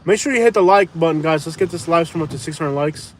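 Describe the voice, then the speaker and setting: Guy live streaming from his truck, kinda high voice, jokey and laughing, faint engine and rain noise behind. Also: fast. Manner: jokey, laughs often, repeats phrases playfully. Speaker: live-stream host reading viewer comments. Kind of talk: casual live-stream chat. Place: inside a running truck during a storm. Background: engine hum, wind and rain.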